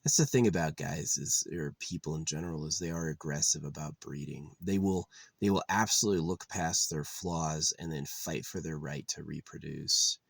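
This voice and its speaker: A man's voice: extremely low pitch, moderate pace, vocal fry, no echo. A man talking to camera in a meandering, profane monologue, full of fillers and restarts. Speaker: vlogger. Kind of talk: rambling casual monologue.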